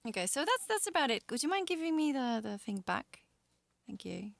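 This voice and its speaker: A woman singer-songwriter chatting casually between songs on a live stream, rambling and self-deprecating, with halting restarts. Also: high voice, big pitch swings, creaky, no echo.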